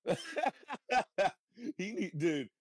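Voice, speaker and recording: A man from California with a Californian accent, chatting casually in a relaxed way, swearing and laughing a lot. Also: high-pitched, drawn-out words, no echo. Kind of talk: casual chat.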